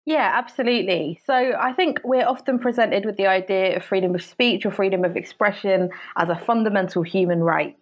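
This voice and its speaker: A woman lecturer as a podcast guest, explaining ideas in an articulate, measured way. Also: medium pitch. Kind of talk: podcast interview.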